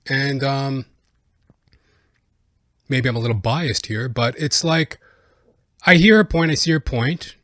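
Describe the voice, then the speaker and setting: Rambling, profane comic podcast host. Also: male voice, mid-range voice, a bit bright, no room sound, studio quality. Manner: rambling, profane, lots of filler words. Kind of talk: comedic reaction rant.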